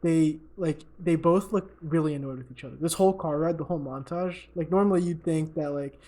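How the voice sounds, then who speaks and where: A man's voice: on the high side, fairly quick, mellow. A young man co-hosting a podcast, retelling a story in a rambling, profane and giggly way. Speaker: podcast co-host. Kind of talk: casual chat.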